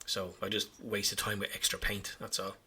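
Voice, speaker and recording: A man with a very bright, forceful tone and a husky edge narrates his own hobby work. He rambles along casually and pokes fun at his own mistakes. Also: fairly low pitch, level tone, normal speed. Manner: chatty, self-mocking, rambling. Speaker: hobby vlogger.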